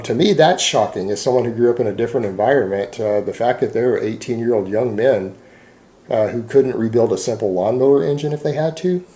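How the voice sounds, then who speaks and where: A man's voice: mid-range voice, dark tone. A man speaking to camera in a rambling, defensive monologue, sarcastic and full of fillers. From Texas. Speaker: fitness YouTuber.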